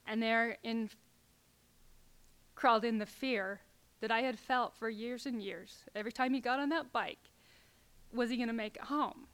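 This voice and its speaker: Soft-spoken middle-aged woman telling her story. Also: on the high side, clear, resonant tone. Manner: halting, with fillers and restarts, dropping at times to a near whisper. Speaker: speaker telling a personal story. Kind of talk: personal storytelling to an audience.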